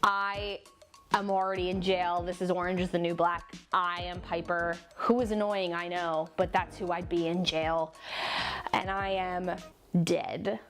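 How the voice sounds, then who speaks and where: A young woman with a New Jersey accent chats into her camera in a casual storytime vlog. She tells the story in an animated, self-mocking way, with playful exaggeration. Faint music plays underneath. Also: lowish voice, measured pace. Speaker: vlogger.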